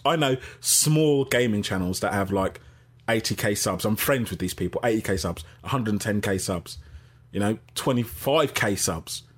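A middle-aged man hosting a casual live-stream podcast, reading out chat and giving shout-outs. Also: fairly low pitch, breathy edge. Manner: chatty, gives shout-outs, laughs easily.

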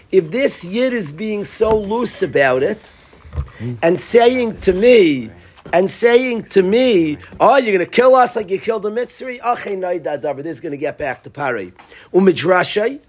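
A man giving a casual Torah class, animated and acting out the lines he quotes. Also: high-pitched. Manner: animated, acts out quoted lines, restarts often. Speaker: Torah teacher.

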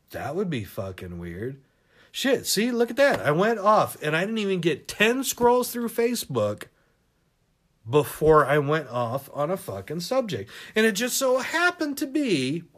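A man hosting a podcast, ranting in a profane, animated monologue and laughing at his own jokes. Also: a little high. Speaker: podcast host.

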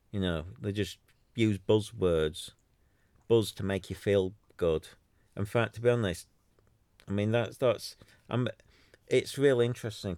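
A man with a low, gravelly voice rants on his solo podcast, exasperated and sarcastic. He rambles, restarts his sentences and drops into mocking voices. The sound is dry and close. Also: darkish tone, no room sound. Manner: exasperated, sarcastic, mocks others in put-on voices. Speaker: podcaster running a free website.

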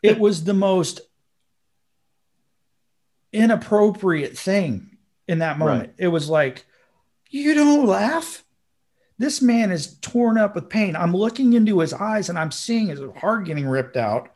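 Man, podcast co-host, pitched a bit high, vivid storyteller who jumps up for quoted lines. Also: unhurried. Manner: animated, acts out quotes with sudden high bursts. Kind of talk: storytelling in casual chat.

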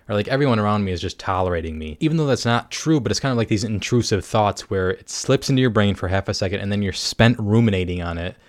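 Hosting a casual podcast alone, a young man with a voice on the low side talks quickly, wanders off topic, and makes fun of himself, using "like" constantly. The audio is studio quality with no room sound.

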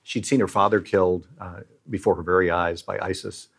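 A man's voice: deep voice, fairly even intonation, brisk, gravelly, slightly rough. A middle-aged man who leads a Christian aid charity, speaking earnestly and like a preacher as he tells moving stories in an interview.

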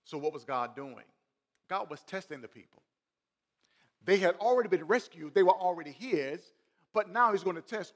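A man's voice: high voice, animated, moderate pace, long pauses, a bit bright. A man, a pastor, preaching a sermon. He swells and drops in volume and talks straight to the congregation with questions. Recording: long hall reverb.

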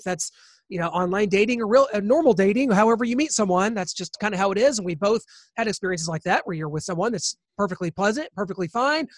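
A man's voice: high voice, fairly bright tone, no echo, clean studio sound. A man co-hosting a podcast, telling a story in a casual, rambling way with many asides. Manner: rambling, with many fillers and restarts. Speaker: podcast co-host.

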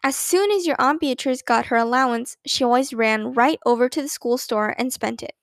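A woman's voice: high-pitched, normal speed, no room sound, studio quality. A woman voicing a sensible, good-humored mother in a storybook reading. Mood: fond.

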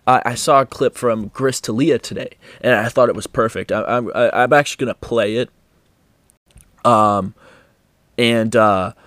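A man's voice: mid-range voice, dry recording. A man hosting a casual podcast, rambling and swearing, with many restarts. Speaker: podcast host.

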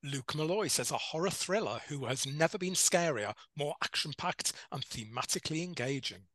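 A man's voice: on the high side, animated, moderate pace, fairly bright tone, no room sound. A man co-hosting a podcast, reading listener reviews aloud with dry, teasing remarks. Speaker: podcast co-host.

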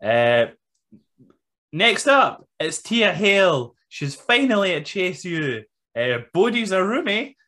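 A man with a fairly high, very lively voice runs through wrestling results on a podcast. He is blunt and sweary and often breaks into laughter. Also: slow pace. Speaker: podcast co-host recapping wrestling. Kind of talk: casual podcast chat.

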